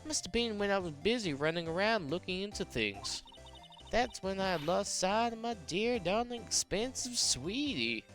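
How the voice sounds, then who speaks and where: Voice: medium pitch, very animated, normal speed, faint music behind, pitched above the performer's own voice. A New Zealand streamer voicing a brash young Southern woman photographer in a game, with a put-on Texan drawl. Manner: drawling, twangy and loud. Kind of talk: video game voice reading.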